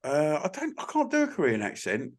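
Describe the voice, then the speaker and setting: A man's voice: fairly high pitch, wildly swooping pitch, brisk. Rambling, sweary man on a podcast. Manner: rambling, sweary, self-correcting. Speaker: podcast co-host. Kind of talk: casual banter over drinks.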